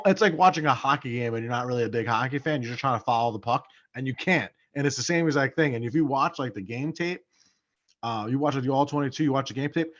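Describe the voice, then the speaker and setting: A man's voice: medium pitch, dull audio. A man co-hosting a casual sports podcast, swearing freely and repeating points for emphasis. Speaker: podcast co-host.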